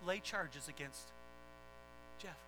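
A man voicing a grieving widow who speaks softly but firmly. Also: fairly high pitch, animated, slow, faint music behind, pitched below the performer's own voice, full character voice, low-quality recording. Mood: resolute. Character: grieving widow, quiet and resolute.

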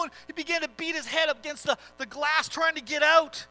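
A preacher with a strikingly high, bright voice tells a dramatic sermon story. He drives it with impassioned, swelling emphasis, and soft music plays faintly underneath. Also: fairly quick, low-quality recording.

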